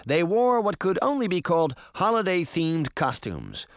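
A man narrating a story as an audiobook, with expressive storytelling. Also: high voice, normal speed, dry recording, studio quality.

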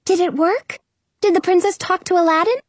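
A woman's voice: very high-pitched, brisk, no echo, voice pushed up. A woman voicing a bubbly young female genie who sounds eager and a little apologetic.

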